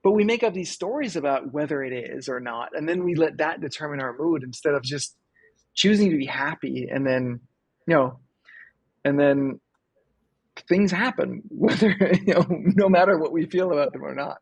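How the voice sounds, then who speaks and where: Husky man coaching live callers. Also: fairly high pitch, normal speed, no echo. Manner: animated storyteller, acts out quoted voices. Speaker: host and business coach. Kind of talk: casual live-call coaching chat.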